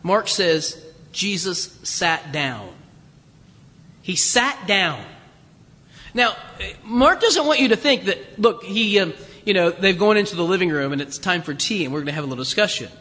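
A man's voice: high voice, expressive, a little fast, sharp tone, in a large hall. A middle-aged man preaching a conversational sermon, joking, chuckling and often restarting his sentences.

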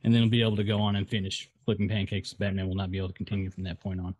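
A man's voice: deep voice, little pitch movement, racing, darkish tone, no room sound. A man co-hosts a casual podcast, recorded dry and close. He rambles through his points with plenty of hesitation. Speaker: podcast co-host. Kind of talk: casual chat.

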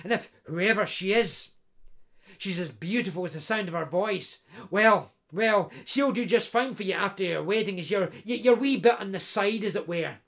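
A man puts on a boisterous young pal, chatty and nudging. The voice sits high and gravelly and pushes on in loud, teasing bursts. He jokes along like a friend in a tavern tale. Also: moderate pace. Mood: jovial teasing.

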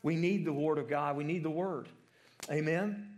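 A man preaching to adults in a casual, talky way, his voice sitting high for a man. He keeps checking in with "right?" and stumbles through repeats and restarts as he thinks aloud. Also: normal speed, a little mellow. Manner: asks the room questions, ends points with "right?"; repeats words and restarts often. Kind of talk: conversational sermon to adults.

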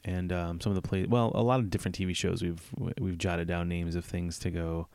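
Male podcast co-host, deep and gravelly, relaxed, rambling, joking delivery. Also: a little fast, dry recording. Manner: laid-back, rambling, joking. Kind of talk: casual chat.

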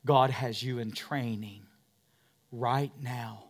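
A man preaching a sermon as pastor of a church, dropping to whispers and rising to loud peaks. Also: medium pitch, fairly even intonation, measured pace, pauses often. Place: church in a converted warehouse.

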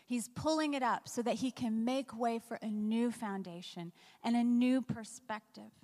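Woman pastor, fairly high voice, casual sermon delivery, recorded in a reverberant sanctuary. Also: moderate pace, mellow. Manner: conversational preaching with rhetorical questions.

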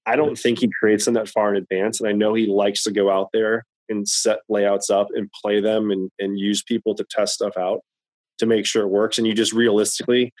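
Low-voiced man in relaxed chat. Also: a little fast, no room sound, low-quality recording. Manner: rambling, repeats words while thinking. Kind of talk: casual chat.

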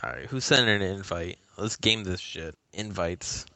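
A lower-voiced man telling a story on a casual podcast. He rambles, swears constantly and breaks into exasperated outbursts. The sound is close and dry. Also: normal speed, vocal fry, pushed and bright, no room sound. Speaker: podcast co-host. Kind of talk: casual chat. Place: gaming podcast recording.

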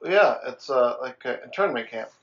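A man's voice: medium pitch, expressive, normal speed, a bit bright. A man casually chatting, chiming in with short, dry corrections and additions. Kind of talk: casual chat. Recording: muffled lo-fi recording.

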